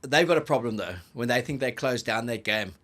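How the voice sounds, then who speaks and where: A man co-hosting a rugby podcast, bantering in an animated, jokey way and laughing often. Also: medium pitch, brisk. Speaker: rugby pundit co-host.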